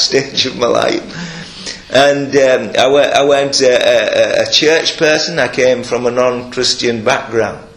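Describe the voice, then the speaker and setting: An older man preaching a sermon, earnest and emphatic, breaking into soft chuckles and restarting his sentences. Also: a little high. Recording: echoey room.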